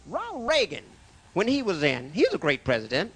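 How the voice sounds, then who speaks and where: In a comedy club, a man does a jokey, animated stand-up set, stammering through restarts and bantering with the crowd and the waiter. His voice is high, fairly quick and slightly rough.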